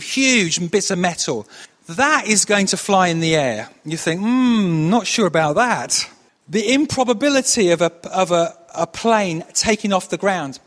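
A man's voice: high-pitched, a bit bright, big-room sound. A man preaching a sermon, telling stories in a conversational way with frequent restarts. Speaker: pastor.

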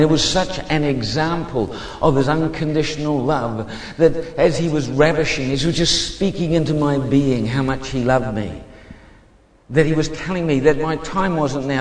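A man giving a fervent testimony sermon as a preacher, moving between hushed and emphatic speech. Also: a little high, normal speed, reverberant, long reverb tail.

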